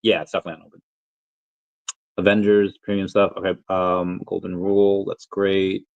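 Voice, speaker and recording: Man, lower voice, casual livestream host, meandering and filler-heavy. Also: monotone, moderate pace, clear, resonant tone, phone-quality sound. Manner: rambling, thinks aloud with many fillers. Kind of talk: casual livestream chat reading super chats.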